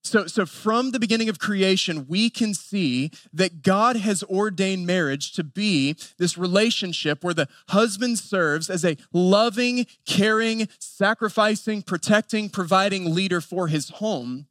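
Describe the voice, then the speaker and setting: Picture a pastor in his thirties with an Appalachian North Carolina accent, his voice sitting high for a man. He preaches earnestly, stacking up lists with pointed pauses, and the sound is dry and close with almost no room around it. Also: a bit bright, no echo. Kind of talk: sermon.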